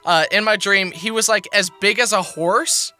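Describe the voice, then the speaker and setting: An excitable young man with a high, sharply bright voice swaps dream stories in casual chat. He reacts with gasps and quick laughs. Faint music sits behind him. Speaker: co-host.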